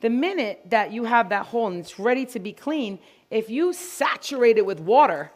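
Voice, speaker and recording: A woman giving a lively, jokey live dog-grooming demonstration to an audience of groomers. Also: on the high side, normal speed. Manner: energetic, chatty, jokey.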